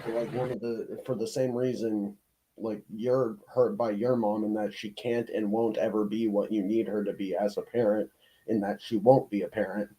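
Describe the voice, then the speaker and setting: A man with a low, mellow voice reflecting on a stream. He talks in a measured, thoughtful way, pausing with fillers as he builds his point. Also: little pitch movement, slight background noise, rough recording. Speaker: stream co-host. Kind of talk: casual reaction commentary.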